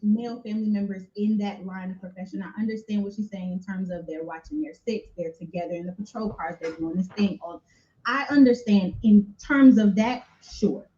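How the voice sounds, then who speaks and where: A woman with a mellow, warm tone lays out her view emphatically on a panel discussion. Her voice sits in an echoey room and comes through dull and lo-fi. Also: medium pitch, a little fast. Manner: emphatic, conversational, repeats points. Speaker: podcast panelist. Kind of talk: opinionated discussion.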